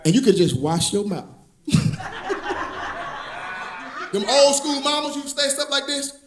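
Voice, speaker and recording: On a club stage, a stand-up comedian performs his set in an unusually high voice that swings widely in pitch. He is very animated but slow, drawling through his stories and shouting the punchlines, while the room echoes with audience laughter.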